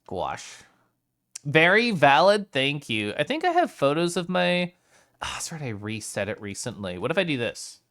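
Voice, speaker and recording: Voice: medium pitch, wildly swooping pitch, moderate pace, a bit bright. A streamer chatting casually with live chat, playful, reading messages aloud and often rolling R's and making vocal sounds.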